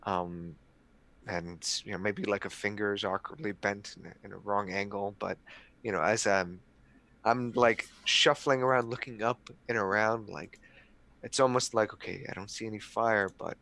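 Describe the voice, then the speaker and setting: A man playing a tabletop role-playing game, describing his character's actions in a halting, hesitant way. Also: on the low side, steady tone, vocal fry, sharp tone. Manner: halting, hesitant, with many fillers. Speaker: player. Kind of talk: in-character play narration.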